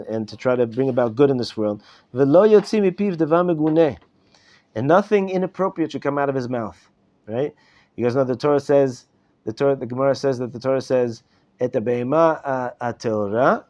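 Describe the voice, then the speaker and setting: Speaking at a medium pitch with a slightly mellow tone, a middle-aged rabbi teaches a casual Torah lesson in a study hall classroom. He repeats words and checks in often with "right?" It's a dull-sounding live class recording.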